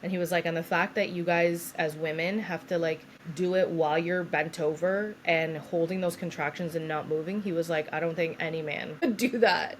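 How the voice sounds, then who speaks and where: A woman's voice: on the low side, steady tone, moderate pace, hardly any pauses, a little hiss or hum. A woman in her thirties, a podcast co-host, telling a long personal story in casual chat, acting out what others said and laughing often.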